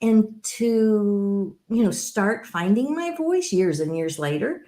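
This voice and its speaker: Deep-voiced woman host, roomy sound. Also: animated, slow pace. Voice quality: deep, rich tone. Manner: warmly affirming, reflective. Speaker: podcast host. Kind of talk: conversational interview. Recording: roomy echo.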